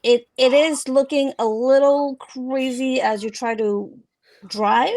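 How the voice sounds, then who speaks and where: A woman's voice: high-pitched, fairly even intonation, slow, a little mellow. A woman narrating as game master of a tabletop game, casual and giggly with many fillers.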